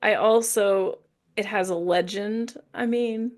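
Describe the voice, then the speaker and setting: A woman's voice: medium pitch, fairly even intonation, slow pace, darkish tone. A woman from Indiana co-hosting a book podcast, chatting casually in a rambling, self-correcting way. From Indiana, USA. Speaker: podcast co-host. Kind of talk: casual book-review chat.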